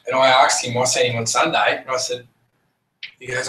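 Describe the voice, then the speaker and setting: A man's voice: medium pitch, level tone, brisk, bright, forceful tone. A man telling a story about a friend casually, acting out the dialogue bluntly, with plenty of swearing. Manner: blunt, profane, acts out dialogue. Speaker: team member sharing a story. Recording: distant roomy recording with faint ambience.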